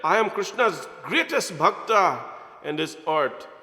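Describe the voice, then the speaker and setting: A man voicing a proud, boastful young archer who is quick to take offense, in a sermon story. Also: high-pitched, big pitch swings, sharp tone, heavily acted. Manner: boastful, stammering when afraid. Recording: echoey hall.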